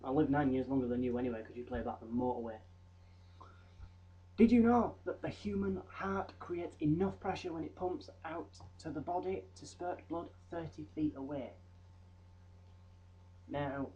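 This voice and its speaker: A man's voice: fairly high pitch, muffled recording, slight background noise. A young man presenting trivia in a rambling, jokey vlog with mock-voice asides. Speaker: vlogger. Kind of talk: comedic fact vlog.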